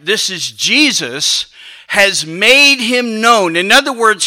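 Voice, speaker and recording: A man preaching a sermon, animated and emphatic, with frequent restarts and asides. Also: sits high, slow pace.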